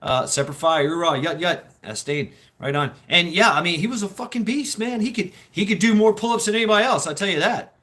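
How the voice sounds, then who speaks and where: Male podcast host, middle-aged, casual and profane storyteller, slightly high voice, bursts into squeaky impressions. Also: brisk. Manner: animated, laughing, swearing, acts out quotes in high voices.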